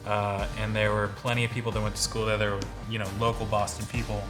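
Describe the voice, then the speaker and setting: A man's voice: lowish voice, flat delivery, fast talker. A man chatting as a guest on a live stream, easygoing with a dry sense of humor. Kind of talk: casual chat. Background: music.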